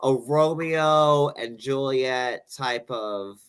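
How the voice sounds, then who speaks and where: A man's voice: medium pitch, drawn-out words, a bit bright. A man hosting a casual podcast chat, rambling and joking with lots of filler words. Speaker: show host.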